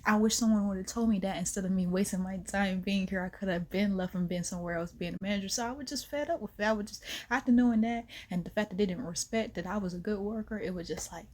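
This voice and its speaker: A woman vlogger telling a personal story in a casual, slangy way, animated, with whispered asides. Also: mid-range voice, fast, few pauses.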